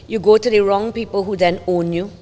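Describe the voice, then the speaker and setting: A woman's voice: mid-range voice, steady tone, fairly quick, dark tone. Woman host in a reverberant room. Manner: conversational, many fillers and restarts, asks questions. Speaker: podcast host. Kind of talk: casual interview.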